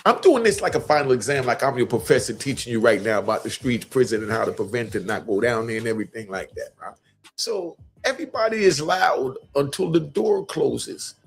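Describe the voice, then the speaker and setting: Gravelly-voiced man preaching on a live stream. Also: medium pitch, animated, brisk, faint music behind. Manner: preachy, repeats key lines for emphasis. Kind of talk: live-streamed street-wisdom commentary.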